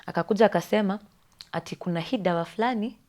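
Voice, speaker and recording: A young woman with a Kenyan accent, a podcast guest telling a personal story in a studio, often sinking into a breathy whisper. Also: mid-range voice, fast, darkish tone. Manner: often drops to a breathy whisper, switches between English and Swahili slang.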